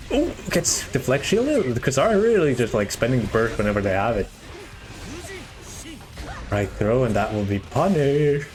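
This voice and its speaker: A man from Germany, chatting casually while commentating a live fighting-game tournament and handling its organization. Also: lowish voice. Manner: chatty, restarts sentences, excitable on big plays.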